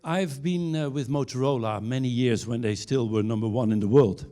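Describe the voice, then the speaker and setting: A man speaks from a conference stage in a mellow, warm voice. His pitch sits in the middle range for a man. He builds his points through anecdotes, stumbling over a few restarts before landing the punchline. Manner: anecdotal storyteller with halting restarts, ending on punchlines. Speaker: keynote speaker. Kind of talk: conference keynote talk.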